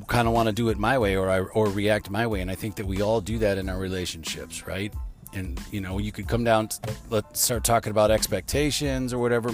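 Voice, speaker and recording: Middle-aged man, podcast host talking on the drive to work, loose and rambling, faint music underneath. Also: lowish voice. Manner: rambling, conversational, laughs easily. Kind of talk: casual chat while driving to work. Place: in a car.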